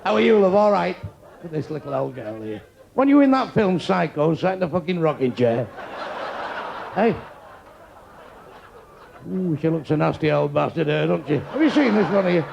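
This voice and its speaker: A man's voice: fairly high pitch, very animated, moderate pace, creaky, long pauses, muffled recording. A man in his sixties doing crude live stand-up, brashly teasing people in the audience. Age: 60s. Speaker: stand-up comedian. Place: comedy club stage before a live audience. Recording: noisy live room with crowd laughter.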